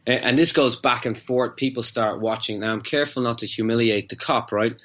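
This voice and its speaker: A man's voice: mid-range voice, fairly even intonation, a little fast, fairly bright tone, dull audio. A man, a guest in an interview, telling a long story in a rambling way and often repeating his words. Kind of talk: casual anecdotal storytelling.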